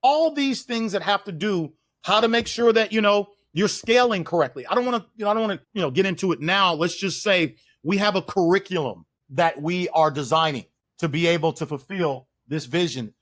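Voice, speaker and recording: Man from Oakland, podcast guest, fervent and repetitive, voice a bit high. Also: fairly quick, few pauses, a bit bright. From East Oakland, California. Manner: emphatic, preacherly, repeats phrases for stress. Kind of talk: podcast interview.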